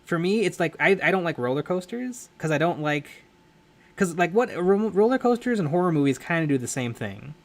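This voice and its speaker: A man's voice: on the high side, animated, a little fast. A young man hosting a live stream, chatting casually while painting miniatures, rambling and correcting himself as he talks. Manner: rambling, self-correcting, laughs often. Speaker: livestream host.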